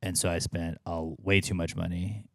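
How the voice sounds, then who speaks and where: A man's voice: low voice, level tone, moderate pace, fairly bright tone, no echo, clean studio sound. A man in his thirties co-hosting a podcast, talking in a casual, profane, sarcastic ranting way. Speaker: podcast co-host. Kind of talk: casual chat.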